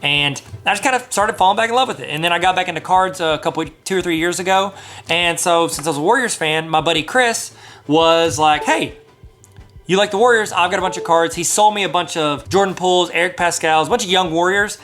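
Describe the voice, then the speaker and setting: A man in his thirties hosting a sports card video, talking fast and excited with jokey asides. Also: high-pitched. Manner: hyped, jokey, apologetic asides. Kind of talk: excited casual vlog talk.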